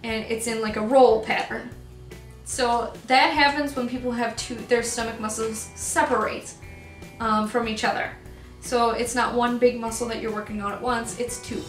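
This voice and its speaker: A woman's voice: fairly high pitch, steady tone, normal speed, roomy sound, faint music behind. A young woman telling a personal story in a vlog, rambling with many ums and getting choked up as she talks. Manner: emotional, gets choked up. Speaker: vlogger.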